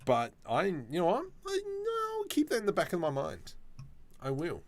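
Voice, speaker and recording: A man's voice: on the high side, huge pitch swings, moderate pace, a little hiss or hum. A man chatting casually on a live stream while he works, reacting to viewer comments with jokes.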